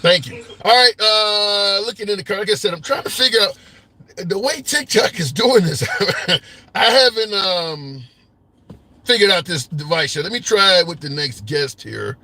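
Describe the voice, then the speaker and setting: High, bright-voiced male talk host. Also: animated, normal speed. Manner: conversational, opinionated, thinks aloud with restarts. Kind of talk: live call-in talk stream. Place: car. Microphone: phone.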